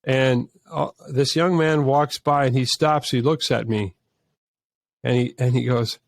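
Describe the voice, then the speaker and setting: A man's voice: mid-range voice, steady tone, a little slow, creaky, no room sound. A man, a filmmaker guest on an interview podcast, telling stories earnestly with many restarts and false starts. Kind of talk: conversational storytelling.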